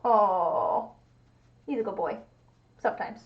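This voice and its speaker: A young woman takes her time chatting on a casual stream, her mid-range voice animated. She talks to viewers and coos at her cat in baby talk, over muffled, lo-fi stream audio.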